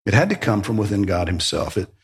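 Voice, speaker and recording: Emphatic male preacher, lively pitch. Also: quick pace, gravelly. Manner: emphatic preaching with rhetorical questions and sudden swells. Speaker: pastor. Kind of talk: sermon.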